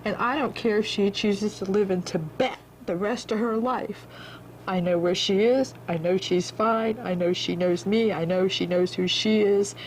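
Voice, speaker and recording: A woman's voice: medium pitch, normal speed, slight background noise, low-quality recording. A middle-aged woman telling the emotional story of reuniting with her daughter, in a tender, rambling way with a few laughs. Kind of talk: emotional personal testimony.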